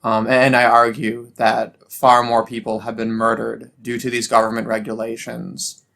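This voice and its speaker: Young adult man, mid pitch, solo rant host; sarcastic, stumbling restarts. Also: monotone, moderate pace, gravelly, pushed and bright. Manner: ranting, sarcastic, frequent restarts. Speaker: political commentary host. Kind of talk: solo political commentary.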